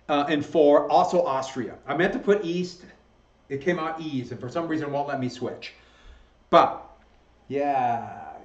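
Guy teaching history off slides, kinda high voice, echoey muffled room. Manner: conversational, self-correcting, chuckles at own slips. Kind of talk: recorded slideshow lecture. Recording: echoey room, dull lo-fi sound.

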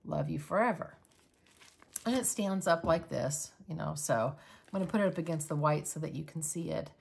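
A woman's voice: low-pitched, fairly quick, vocal fry, husky. A woman hosting a crafting channel, chatting casually and rambling through an unboxing. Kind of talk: casual unboxing vlog chat.

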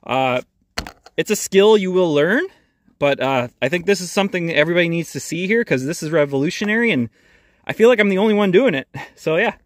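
Higher-voiced mechanic, plain-spoken. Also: male voice, lively intonation, brisk, no room sound. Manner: plain-spoken, hands-on, practical. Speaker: mechanic, channel host. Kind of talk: casual how-to tutorial.

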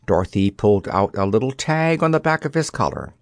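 Male audiobook narrator, lively pitch, dry close sound. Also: a little fast, few pauses, no echo. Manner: expressive storybook reading. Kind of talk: scripted narration.

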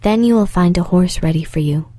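A grim male beast from a fairy tale, threatening in a low, hushed way rather than roaring. A woman reads him in a soft voice, dark and mellow, close and dry. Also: brisk, dry recording, natural voice.

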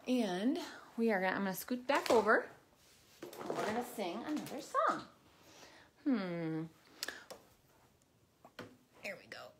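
A woman kindergarten teacher leading a live-streamed class, talking straight to the children in an animated way. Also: mid-range voice, distant mic. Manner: animated, talks straight to the kids. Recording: roomy echo with faint noise.

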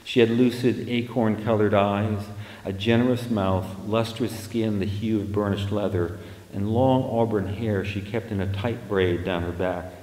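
A man reads his own fiction aloud in a lowish voice, measured and steady, now and then restarting a word. His voice rings through a hall with a long, echoey reverb. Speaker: author and writing teacher. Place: reading venue hall.

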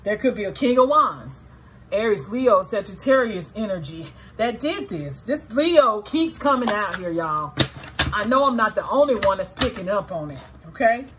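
A woman's voice: medium pitch, sing-song, moderate pace, a bit bright, slight background noise. A woman giving a tarot reading to her viewers, blunt and often profane, swinging between sorrow and indignation as she talks straight to the audience. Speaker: tarot reader.

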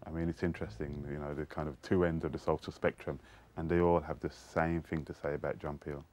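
Man, very deep voice, animated storytelling. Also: brisk. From Birmingham, England. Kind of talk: reminiscing interview.

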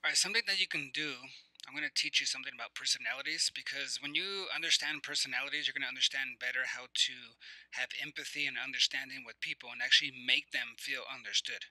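A man's voice: mid-range voice, fast, sharp tone, dry recording, low-quality recording. A man giving a motivational teaching talk, guiding listeners through reflective questions and breathing cues in a conversational, repetitive way. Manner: conversational with many fillers and restarts. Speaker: motivational coach.

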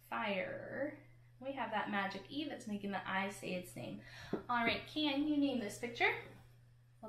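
A woman's voice: a little high, fairly bright tone. A woman teacher giving a patient phonics lesson to children, sounding out words and letters one at a time. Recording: echoey room.

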